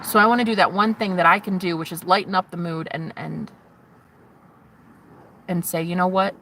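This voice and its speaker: Woman, livestream host, rambling, dreamy, giggly then hushed, bright sharp voice. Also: lowish voice, normal speed, a little hiss or hum. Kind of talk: rambling live-stream chat.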